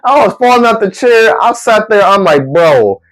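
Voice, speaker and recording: A man's voice: high-pitched, expressive, moderate pace, a bit bright, poor audio. A young man casually telling a comedic story in slangy talk, acting out his friends with gasps and laughs.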